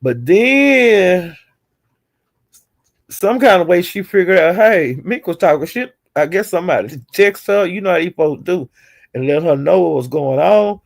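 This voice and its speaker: Gravelly-voiced woman spilling gossip. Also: fairly low pitch, expressive, unhurried. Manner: chatty retelling, acting out quotes, chuckling. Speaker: streamer recapping online drama. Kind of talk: casual gossip storytelling.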